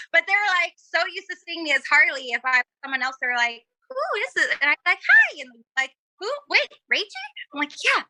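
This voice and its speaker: A woman's voice: sits high, animated, normal speed, bright, forceful tone, no echo. A woman guest chatting casually on a talk show, telling stories with lots of giggles and acted-out quotes. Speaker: podcast guest. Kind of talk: casual chat.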